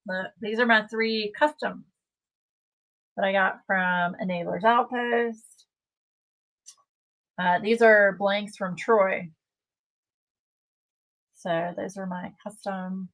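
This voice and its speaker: Woman host, unhurried chatty live-stream talk. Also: mid-range voice, steady tone, a bit bright, rough recording. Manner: chatty, reads viewer comments aloud. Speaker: livestream host. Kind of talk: casual livestream chat.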